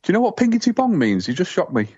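A man's voice: high voice, huge pitch swings, racing, darkish tone, breathy edge. A man co-hosting a podcast, teasing and laughing through casual banter. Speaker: podcast co-host. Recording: dull lo-fi sound.

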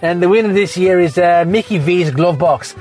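A man's voice: high voice, normal speed, a little mellow, soft background music. A drunk man with an Irish accent rambling through a foul-mouthed sign-off as a podcast co-host. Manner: heavy swearing, slurred and rambling.

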